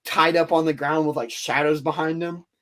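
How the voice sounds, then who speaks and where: Young male podcast guest, slightly high voice, excitable rambling storyteller. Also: normal speed, a little hiss or hum. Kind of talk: casual podcast chat.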